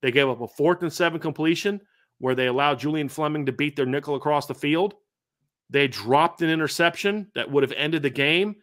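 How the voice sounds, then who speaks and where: A man's voice: fairly high pitch, fairly bright tone. A middle-aged man hosting a sports podcast, animatedly reeling off statistics with frequent restarts. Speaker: podcast host. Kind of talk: sports analysis chat.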